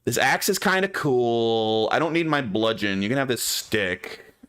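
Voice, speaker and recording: A man's voice: mid-range voice, lively intonation, measured pace, a bit bright, clear, resonant tone. A man streaming a video game, giving casual commentary and chatting aloud to his viewers. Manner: chatty, musing aloud to chat.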